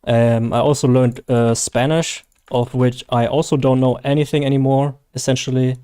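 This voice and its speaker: Speaking with a German accent, his native tongue being German, this gaming streamer rambles casually to viewers during a live game stream. His medium-pitched voice is dark and smooth, with a flat delivery and moderate pace.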